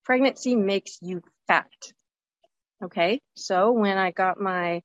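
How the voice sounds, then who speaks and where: A woman's voice: medium pitch, takes it slowly, dry recording. Chatty woman host, dry lo-fi sound. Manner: candid, animated, jumps into voices of remembered people. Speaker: podcast host. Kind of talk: casual personal monologue. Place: outdoors at a zoo by a lake.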